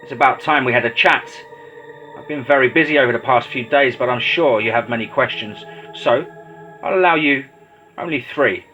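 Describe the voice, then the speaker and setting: A man voicing a sinister, controlling male mad doctor in a horror story, speaking in slow, measured, menacing tones. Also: medium pitch, pushed and bright, lo-fi sound, soft background music, lightly acted. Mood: cold, menacing.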